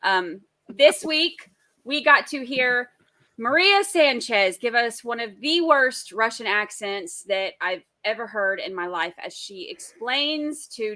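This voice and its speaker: Bright-voiced woman co-hosting a chat show. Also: a little high, lively intonation, slow pace, dry recording. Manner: exasperated, laughing often. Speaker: co-host. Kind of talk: casual true-crime chat.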